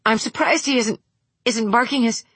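A woman reading a novel aloud, voicing a distraught, grieving mother who is out of breath and speaks in halting, strained bursts. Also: on the high side, a bit bright, slightly rough, no echo, pitched above the performer's own voice.

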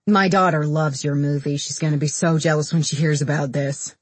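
Woman narrator doing a starstruck male guard; husky, eager. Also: fairly high pitch, fairly even intonation, fairly quick, dry recording. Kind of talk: audiobook character voice.

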